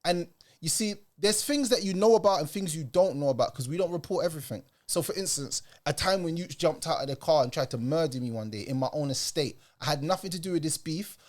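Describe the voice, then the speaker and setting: Brief: young British man, fired-up reaction host, slangy and emphatic, voice sits a touch high. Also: lively intonation, a little fast. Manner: heated, emphatic street talk. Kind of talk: casual reaction commentary.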